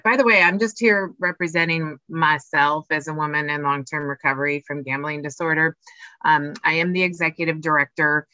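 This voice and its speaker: A woman co-hosting a podcast, chatting casually and acting out her inner voices in an animated way. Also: sits low, normal speed, no room sound. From Oregon, US. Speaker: podcast co-host, nonprofit executive director. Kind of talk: casual conversation. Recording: dull, lo-fi sound.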